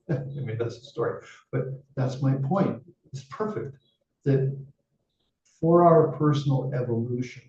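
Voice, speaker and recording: A male Buddhist teacher with a dark, medium-pitched voice tells a dharma story in a casual, chatty way, sprinkling in many "you know" asides. The recording sounds roomy, distant and dull.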